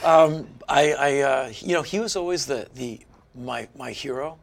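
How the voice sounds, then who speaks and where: A man's voice: mid-range voice, a little slow, creaky. A man in his fifties from Washington, D.C., a guest in a casual interview, telling stories with animation and acting out other people's lines. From Washington, D.C., USA. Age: 50s.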